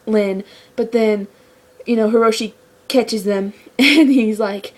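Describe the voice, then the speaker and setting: A woman giving a casual episode review, rambling and excitable, with lots of "like" fillers. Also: on the high side, takes it slowly. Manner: rambling, excitable fan talk with many "like" fillers. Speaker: show reviewer.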